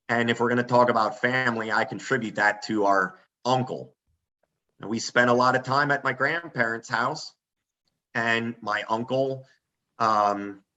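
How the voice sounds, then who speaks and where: A man telling a story in a casual, animated way on a front porch, as a podcast guest. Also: lowish voice, dull audio. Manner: animated, acts out quoted voices.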